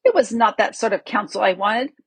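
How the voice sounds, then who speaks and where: A woman's voice: medium pitch, fairly quick, vocal fry, breathy edge, no echo. A woman reading the part of a scowling, hot-tempered usurper king with a growling, scornful delivery. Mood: angry.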